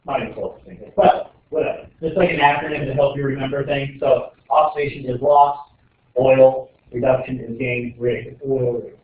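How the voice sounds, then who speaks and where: A man's voice: medium pitch, steady tone, normal speed, slight background noise. A man teaching a chemistry class in a casual, joking way, rambling with lots of filler words. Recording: echoey room over a tinny, phone-like line.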